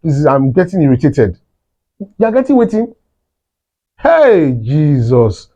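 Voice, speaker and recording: Casting note: a man, higher-voiced but dark in tone, lecturing wives in a scolding, animated way, heard on a dull lo-fi recording. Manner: animated, scolding, jumps to high exclamations. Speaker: relationship talk host. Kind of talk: preachy advice talk. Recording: dull lo-fi sound.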